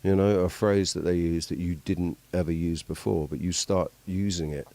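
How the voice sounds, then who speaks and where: Deep mellow-voiced man rambling. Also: steady tone. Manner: rambling, halting, swears casually. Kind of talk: casual chat.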